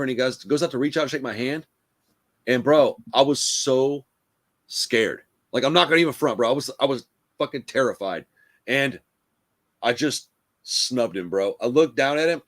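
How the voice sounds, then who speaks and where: Swearing freely and full of energy, a man hosting a casual podcast tells his stories while leaning hard on "bro" and "dude." His voice is medium in pitch.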